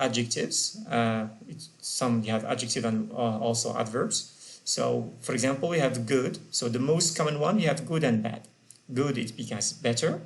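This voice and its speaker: Patient man teaching English grammar. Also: medium pitch. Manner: patient, repeats example words slowly. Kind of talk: recorded grammar lesson.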